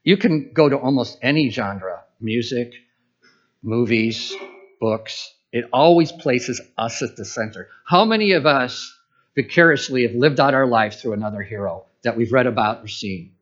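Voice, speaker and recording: A man's voice: mid-range voice, animated, normal speed. A pastor preaching a conversational sermon, asking rhetorical questions and voicing his own inner thoughts. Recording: dull lo-fi church sermon recording.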